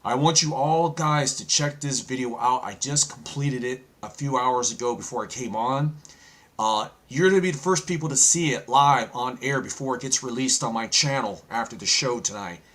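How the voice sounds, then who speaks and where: A man's voice: mid-range voice, moderate pace, a bit bright. A man hosting a live online prophecy show, preaching to viewers and calling them folks. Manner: preaching, addresses audience as folks. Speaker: host.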